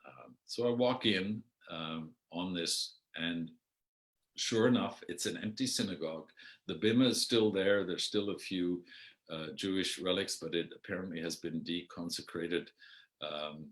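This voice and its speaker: An older Canadian man with a very low, deep voice tells long stories about his life in theatre, pausing often with ums and restarting his sentences. He talks slowly over a video call and now and then slips into other people's voices. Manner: unhurried and hesitant, with many ums and restarts, mimicking voices in anecdotes. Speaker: outgoing artistic director telling his theatre life. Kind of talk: rambling spoken memoir.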